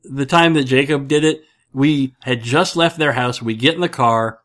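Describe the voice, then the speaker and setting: A man's voice: medium pitch, moderate pace, a bit bright. A middle-aged man from upstate New York chats on a podcast in a loose, jokey way. He rambles through his stories with plenty of restarts and asides. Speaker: podcast host. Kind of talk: casual podcast chat.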